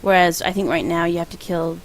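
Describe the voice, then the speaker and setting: A woman's voice: lowish voice, steady tone, a little fast, a little hiss or hum, low-quality recording. A woman casually commenting on her video game playthrough in a chatty, rambling way, often laughing at her own jokes. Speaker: let's play host.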